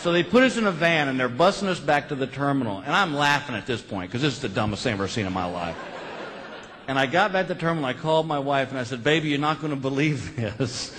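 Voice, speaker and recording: Animated man doing stand-up comedy. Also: mid-range voice, quick pace, a little hiss or hum. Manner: folksy storytelling, punchline delivery. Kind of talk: stand-up routine. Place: live comedy stage with audience. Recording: live show with crowd laughter. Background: audience laughter.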